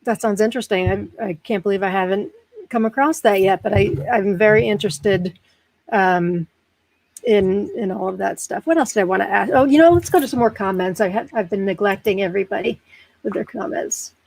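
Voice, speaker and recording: A woman's voice: mid-range voice, a little fast, creaky, a little mellow. An American woman hosting a chat show, bubbly, chatty and self-deprecating as she reads out comments. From United States. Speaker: podcast host. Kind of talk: casual chat.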